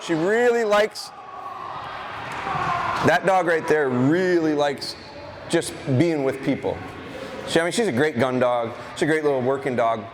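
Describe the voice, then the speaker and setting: Talking conversationally, a man who trains gun dogs leads students through a live demonstration in a school gym, breaking off to give the dog quick commands. His voice is highish with lively intonation, a little slow with long pauses, against a noisy background.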